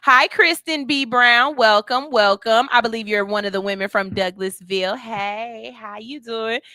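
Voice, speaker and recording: A woman hosting a radio show, joking and telling stories in animated, slangy casual chat. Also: fairly high pitch, normal speed, dry recording, clean studio sound.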